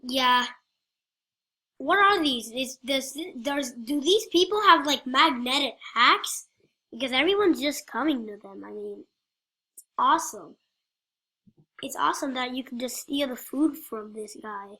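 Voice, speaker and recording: Bright, slow-talking goofy woman gamer. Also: sits high, expressive. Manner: goofy, rambling, talks to other players. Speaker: gameplay commentator. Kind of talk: playful gameplay commentary.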